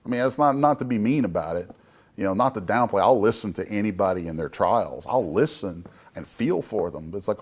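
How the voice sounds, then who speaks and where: A man's voice: on the low side, animated, a little fast. A middle-aged man speaking as a guest comic book creator at a public talk, emphatic and folksy in a motivational way.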